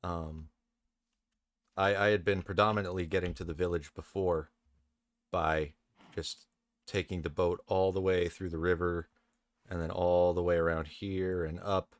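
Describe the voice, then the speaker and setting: A man with a deep, low voice narrates his gameplay in a laid-back, chatty way. He talks to the characters on screen and drops the occasional curse. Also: little pitch movement, unhurried, pauses often, no echo. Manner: casual, chatty, swears, talks to game characters. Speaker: let's play host. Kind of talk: relaxed gameplay commentary.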